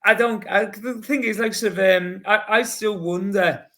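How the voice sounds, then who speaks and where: A Scouse man in his forties chats in a casual podcast. He tells stories with relish and slips into the voices of the people he quotes. His voice sits a little high for a man. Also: fairly even intonation, normal speed, bright, forceful tone. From Liverpool, England. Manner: chatty storyteller, acts out quotes. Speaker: guest, marathon runner.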